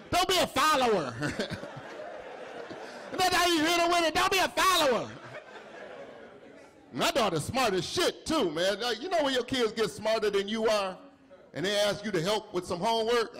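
Lively high-voiced stand-up comedian. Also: male voice. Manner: animated storytelling with acted-out dialogue. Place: comedy club stage with audience. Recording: live set with faint crowd. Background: audience laughter.

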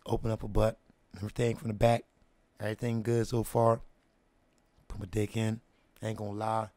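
A man hosting his own show, telling a long story in casual, slang-heavy talk, often dropping to hushed asides and asking if you follow him. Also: lowish voice, monotone, normal speed, long pauses, no room sound. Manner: drops to hushed asides, asks "you know what I mean?".

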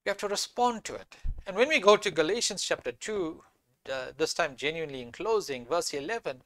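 A man delivers a sermon in a high voice, hammering home his points by saying them twice. He reads scripture aloud between his comments. The sound is dry, with no room echo. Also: expressive, brisk, a bit bright. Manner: emphatic, repeats key phrases, reads scripture aloud. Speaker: preacher.

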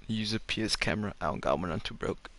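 A young man streaming gameplay live, swearing often, laughing and reacting loudly to plays. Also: on the low side, fast talker. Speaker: gaming streamer. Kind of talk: casual live gameplay commentary.

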